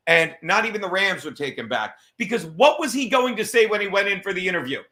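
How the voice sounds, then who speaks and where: A man's voice: high voice, very animated, bright, forceful tone. A middle-aged man hosting a comedy podcast, rambling through a profane monologue with frequent restarts. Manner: fast, rambling, swears a lot, restarts mid-thought.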